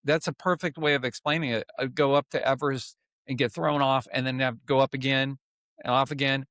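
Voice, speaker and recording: A man hosting a podcast interview, talking in a halting, emotional way with lots of restarts. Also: mid-range voice, steady tone, fairly bright tone, dry recording, studio quality. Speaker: podcast host. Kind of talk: casual interview chat.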